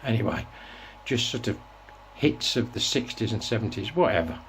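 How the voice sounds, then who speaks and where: A man's voice: lowish voice, animated, normal speed, a bit bright, a little hiss or hum. Rambling man in his sixties. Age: 60s. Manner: rambling, reflective storytelling with restarts. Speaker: host. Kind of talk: casual reminiscing monologue.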